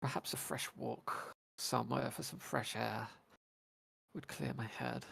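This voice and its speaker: A man's voice: mid-range voice, steady tone, unhurried, gravelly, fairly bright tone, husky, no room sound. A man playing a tabletop game, playful and slipping into a theatrical character voice. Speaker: player. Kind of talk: tabletop role-play.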